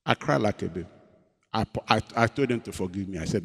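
A man, a pastor preaching a sermon in a dramatic storytelling way, moving between loud emphasis and hushed confession. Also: on the low side, expressive, fast, gravelly, breathy edge. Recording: long hall reverb.

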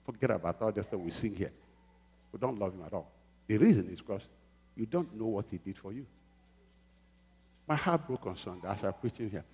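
A middle-aged man preaching a sermon in a church, swinging from hushed pleading to loud exhortation and calling for amens. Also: fairly low pitch, expressive, brisk, long pauses, breathy edge. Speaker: pastor. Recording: long reverb of a church hall.

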